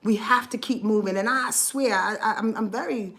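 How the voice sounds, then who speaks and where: A woman's voice: on the high side, normal speed, a bit bright. A woman astrology vlogger talking in a heartfelt, rambling monologue, earnest and swearing freely, emotional and close to tears at times.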